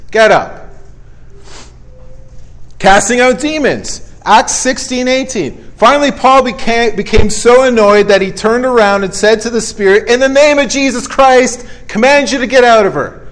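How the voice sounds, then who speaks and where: A male preacher giving a conversational sermon, emphatic and repetitive with folksy asides. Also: high voice.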